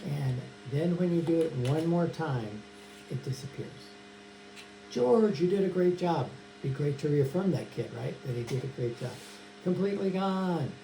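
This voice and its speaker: A man's voice: fairly high pitch, expressive, normal speed, warm tone. A man casually teaching a magic trick, chatting and addressing an imagined audience of kids. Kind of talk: casual tutorial demonstration. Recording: echoey room with mains hum.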